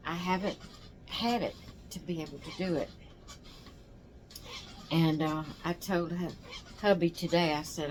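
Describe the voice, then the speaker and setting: An older woman who runs a doll channel chats casually to the camera in a low-pitched voice, rambling and yawning as she goes. She sounds exhausted, and there is slight background noise.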